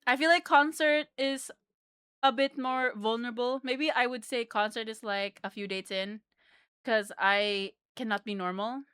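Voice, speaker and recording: A bubbly young-sounding woman streamer chatting to her viewers, giggling often and tripping over her words. Her voice is bright, smooth and a little high, recorded close and dry. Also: fairly even intonation, unhurried, dry recording. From Philippines. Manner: bubbly, giggly, rambling with fillers. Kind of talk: casual live-stream chat.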